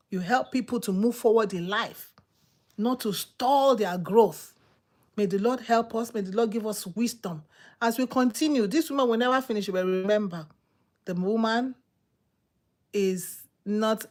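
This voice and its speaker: A woman delivers a sermon, emphatic and repetitive as she exhorts her listeners, swinging between loud outbursts and low murmurs.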